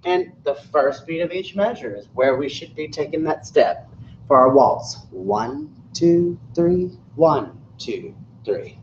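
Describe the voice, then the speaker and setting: A man teaching a music lesson, counting out beats and singing rhythms on "da" between explanations. His voice sits a little high and comes from a distance in a roomy, echoing classroom. The recording is dull, with a faint hum of room sound behind. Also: animated, slow pace.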